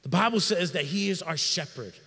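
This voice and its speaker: A middle-aged man preaching a sermon in a church sanctuary, in an energetic, conversational style with slang. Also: high-pitched, a little fast, creaky, big-room sound. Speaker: pastor.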